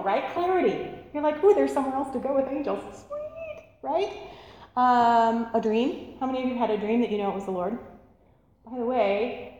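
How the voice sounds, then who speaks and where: Animated woman preaching in an echoey hall. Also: on the high side. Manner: animated, laughing, asks the audience questions. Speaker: church teacher. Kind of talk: interactive sermon. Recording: echoey hall, faint room noise.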